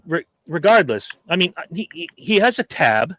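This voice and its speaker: A man's voice: a little high, sing-song, normal speed, pushed and bright, no echo. A middle-aged man hosting a podcast, chatting casually and telling stories with profanity and acted-out quotes. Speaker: podcast host. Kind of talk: casual chat.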